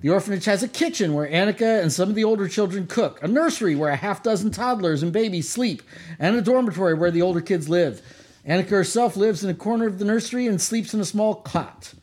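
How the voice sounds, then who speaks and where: A man's voice: sits high, animated, fast, a little mellow, breathy edge. A man running a tabletop game as game master, describing scenes and joking with the players.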